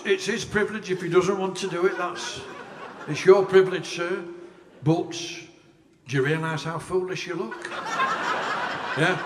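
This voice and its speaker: Man as a fussy, self-deprecating comic songwriter, unhurried, live in an echoey cave over loud backing. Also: sits high, background noise. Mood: chatty. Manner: chatty, self-deprecating, fumbles lyrics. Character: fussy middle-aged northern male singer-songwriter, earnest. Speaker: comedy musician performing live. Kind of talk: live comic songs and audience banter. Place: large cave venue with live audience. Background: keyboard backing music.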